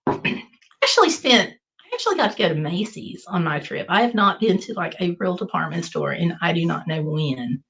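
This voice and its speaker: Reading out viewer comments and telling corny jokes, a middle-aged livestream host from the United States keeps things playful and chatty. She speaks at a moderate pace in a fairly low, sing-song voice with vocal fry and a slightly bright edge. It's a low-quality recording.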